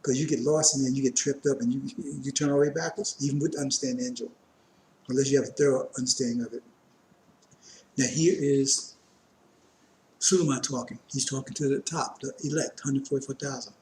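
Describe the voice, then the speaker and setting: A man's voice: mid-range voice, fairly even intonation, a little fast, a little mellow, slight background noise. Man teaching scripture in a roomy space. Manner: reads verses aloud and explains them loosely, with many asides. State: coughing, strained voice. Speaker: religious teacher.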